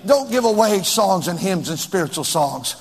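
A man preaching a sermon in a church, rising suddenly and drawing some phrases out slowly. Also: high-pitched, very animated, husky, big-room sound. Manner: preaching with sudden rises and drawn-out slow phrases.

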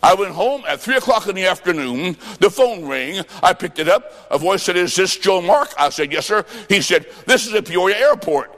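A man preaching a revival sermon with folksy stories, impassioned and shouting at the peaks. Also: sits high, lively intonation, moderate pace, hardly any pauses. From Illinois. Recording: echoey hall with long reverb.

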